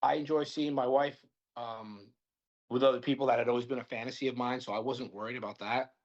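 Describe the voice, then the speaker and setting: A man's voice: medium pitch, fairly even intonation, brisk, muffled recording. A young man as a podcast guest, telling a long story in casual chat, rambling with many fillers and restarts.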